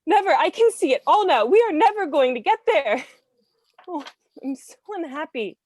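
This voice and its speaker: Een vrouw speelt een wanhopige jonge vrouw. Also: female voice, sits high, lively intonation, a little mellow, no echo. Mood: despairing. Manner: breaking between sobs and laughter, halting. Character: young woman, twenty-three, weary and despairing. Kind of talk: staged play reading.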